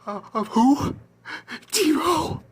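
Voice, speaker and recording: A woman's voice: high voice, expressive, takes it slowly. A woman playing a panicked, guilt-ridden fantasy football manager in a comedy sketch, whispering breathlessly and swinging between terror and relief. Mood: guilty whisper.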